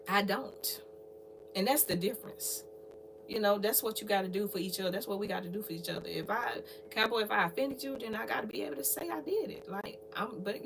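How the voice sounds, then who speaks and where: Animated woman preaching to her viewers. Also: medium pitch, creaky, background noise. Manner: preachy, lively, repetitive, talks straight to viewers. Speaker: livestream host. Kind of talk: casual livestream talk.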